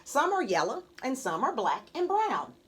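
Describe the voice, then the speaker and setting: A woman's voice: high voice, wildly swooping pitch, moderate pace, slightly rough, heavily acted. A woman doing an easygoing country farm boy.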